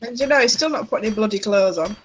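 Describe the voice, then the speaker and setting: A woman co-hosting a game stream, teasing her partner in relaxed banter and reading out chat messages. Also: mid-range voice, racing, slight background noise. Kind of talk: casual live gameplay chat.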